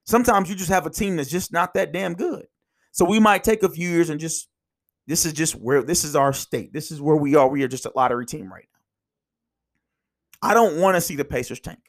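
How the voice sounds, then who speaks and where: A man with a gravelly, fry-touched voice hosts a casual sports talk show. He talks in rambling, animated rants that jump from point to point. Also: a little high, a little fast. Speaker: podcast host.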